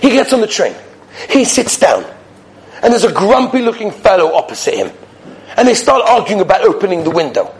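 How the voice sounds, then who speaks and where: A man giving a weekly Torah lecture, an animated storyteller who acts out the dialogue and swings between loud exclamations and soft asides. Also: sits high, a little fast, poor audio. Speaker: Torah teacher.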